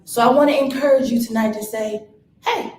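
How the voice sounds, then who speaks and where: A woman's voice: fairly high pitch, fast, slight background noise. A woman giving an inspirational talk on stage, coaxing the audience to repeat lines after her. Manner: energetic, coaxing the crowd, shifts into playful quoted voices. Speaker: motivational speaker. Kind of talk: live inspirational talk with audience call-and-response. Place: event hall with audience. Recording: echoey room.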